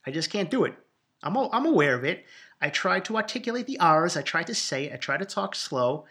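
A man with a thick Boston accent hosting a podcast, answering listener questions in a raw, emotional, profane way and talking quickly from the heart. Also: on the high side, big pitch swings, bright, forceful tone. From Boston, USA. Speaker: podcast host. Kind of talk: casual podcast Q&A monologue.

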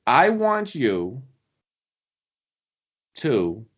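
A man's voice: medium pitch, huge pitch swings, very slow, husky. A man co-hosting a podcast, earnestly urging listeners to do good in casual chat. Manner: earnest, preachy, encouraging. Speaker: podcast co-host. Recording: dull lo-fi sound.

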